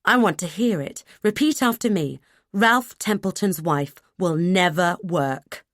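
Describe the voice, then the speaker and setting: A woman voicing a controlling, menacing 1970s husband who speaks in a slow, cold, clipped way. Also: lowish voice, a bit bright, dry recording, studio quality.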